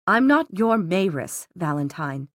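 A woman's voice: lowish voice, big pitch swings, moderate pace, no echo. A defiant middle-aged mother, voiced by a woman narrator, speaking with strained urgency. The reading is close and dry, like a storybook audiobook. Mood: tense. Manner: tense, urgent.

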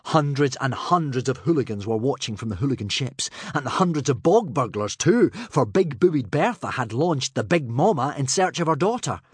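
Expressive male narrator, husky, dry close sound, lively dramatic delivery. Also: mid-range voice, moderate pace, few pauses, no room sound. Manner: dramatic, dropping to a hush for suspense. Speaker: audiobook narrator.

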